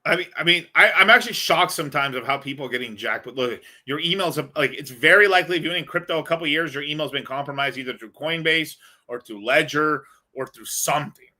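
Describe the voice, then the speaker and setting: A man's voice: a little high, fast, few pauses, pushed and bright. A male host answering viewer questions in a casual livestream, rambling, blunt and full of profanity.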